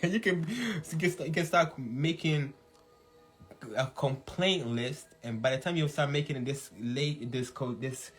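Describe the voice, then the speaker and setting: A man hosting a casual livestream talk, animated, laughing often and shouting when he acts out hype, with faint music behind. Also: mid-range voice, measured pace. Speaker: podcast host.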